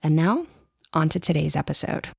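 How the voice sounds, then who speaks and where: A woman podcast host giving a calm, measured scripted introduction. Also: deep voice, creaky, breathy edge.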